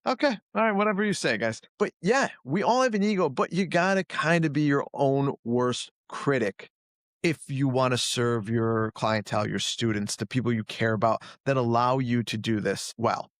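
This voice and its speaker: With a mid-range voice at a moderate pace, a gym owner and jiu-jitsu coach gives a casual interview in clean studio sound with no room sound. Animated, blunt, and self-critical, he often raises his voice to act out the people he quotes.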